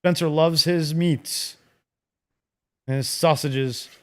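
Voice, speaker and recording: A man's voice: fairly high pitch, fairly even intonation, slow pace, a little mellow, smooth. A man from Northern Illinois hosting a casual watch-party stream, chatting enthusiastically and swearing casually. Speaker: stream host. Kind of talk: casual chat.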